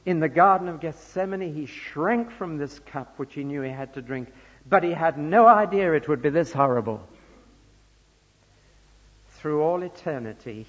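Male preacher, husky, emphatic then hushed, long hall echo, muffled old recording. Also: a little high. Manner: emphatic, swings between loud stresses and slow hushed phrases. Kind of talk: sermon. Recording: dull lo-fi recording in a reverberant hall.

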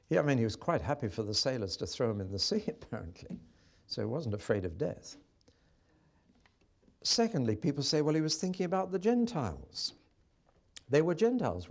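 A man preaching a sermon, telling a story with animated delivery and acting out the quoted speech. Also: medium pitch, vocal fry.

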